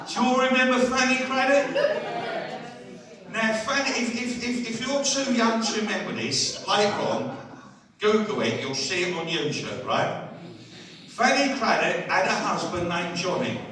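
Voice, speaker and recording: A man's voice: very high voice, very echoey, recorded from a distance. A man, doing a live stand-up routine and chatting with the crowd. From England. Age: 60s. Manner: chatty, keeps asking the crowd "right?". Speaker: stand-up comedian. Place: holiday village entertainment hall.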